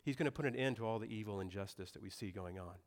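A man's voice: on the low side, very fast. Young guy giving a sermon, talks casual, lots of asides and "right?". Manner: conversational preaching with asides and rhetorical questions. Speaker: pastor.

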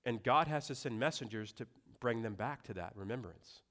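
A man's voice: medium pitch, animated, moderate pace, fairly bright tone. A young adult man preaching a sermon in a conversational way, with asides and rhetorical questions. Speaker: pastor.

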